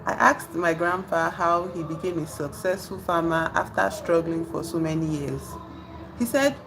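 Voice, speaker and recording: A woman with a slightly low voice hosts a relaxed livestream, chatting loosely and filling pauses. She teases her silent chat. A steady hiss of background noise sits under her voice. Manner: chatty, trails off with fillers, teases an unresponsive chat. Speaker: live streamer.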